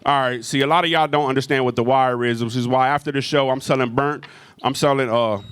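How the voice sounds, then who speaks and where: A man's voice: medium pitch, steady tone, a little fast, fairly bright tone, smooth. A man doing a stand-up comedy set in a club, telling a profane story with lots of crowd work.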